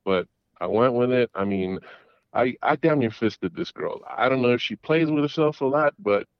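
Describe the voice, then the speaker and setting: A middle-aged man calling in to a talk show, telling a story in a rambling, halting way full of restarts and fillers. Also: mid-range voice, no room sound, highs cut off. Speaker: caller. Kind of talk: casual storytelling. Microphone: phone call.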